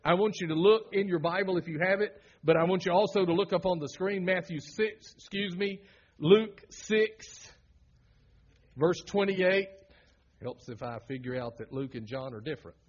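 A middle-aged Southern American pastor preaching with a husky, slightly raised voice. He is folksy and joking, then drops to a hush for the serious points. The recording sounds muffled and lo-fi. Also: high-pitched, moderate pace. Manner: folksy, humorous, swings from loud to hushed. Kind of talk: sermon.

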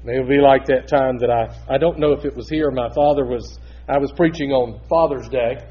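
A male pastor delivering a sermon, shifting between loud emphatic preaching and quiet, intimate asides. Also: medium pitch, normal speed, lo-fi sound.

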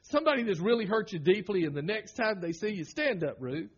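A middle-aged Southern American pastor preaching with a husky, slightly raised voice. He is folksy and joking, then drops to a hush for the serious points. The recording sounds muffled and lo-fi. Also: high voice, sing-song, a little fast. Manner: folksy, humorous, swings from loud to hushed. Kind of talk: sermon.

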